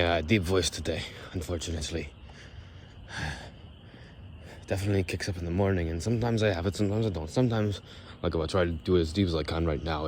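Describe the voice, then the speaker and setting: Guy with a really low voice just rambling on a walk outside, wordy and amused with himself, bit of faint outdoor hiss behind him. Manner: unhurried, wordy and self-amused, drifting into soft murmurs. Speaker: vlogger. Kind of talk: rambling walk-and-talk monologue.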